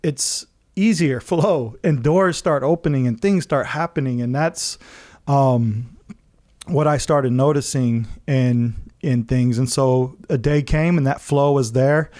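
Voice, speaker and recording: A man on a podcast telling a personal story in a casual, animated way, laughing often and acting out what people said. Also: medium pitch, slow. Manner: many fillers and restarts.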